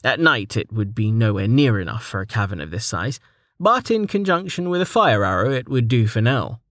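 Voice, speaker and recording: A man narrating a fantasy webnovel audiobook in a steady, even reading voice. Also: on the low side, normal speed, no room sound. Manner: steady, even reading, stat lists read out plainly.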